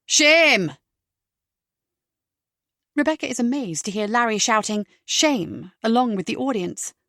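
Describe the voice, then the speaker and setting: A woman narrating a mystery audiobook, measured and steady in her storytelling. Her voice has a gravelly edge. The sound is dry and close to the mic. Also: a little high, no echo. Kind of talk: scripted narration.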